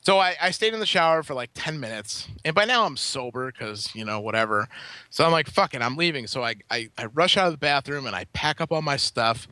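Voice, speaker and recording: A man's voice: mid-range voice, expressive, a little fast, pushed and bright, no echo. A man co-hosting a podcast, telling a long, rambling anecdote in casual, profane chat. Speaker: podcast co-host. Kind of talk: casual storytelling.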